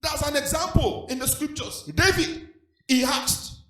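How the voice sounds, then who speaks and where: High-voiced pastor preaching. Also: male voice, measured pace, pushed and bright. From Nigeria. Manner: sing-song preaching cadence, frequent hallelujahs. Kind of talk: sermon. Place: church hall. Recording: echoey church hall with faint music.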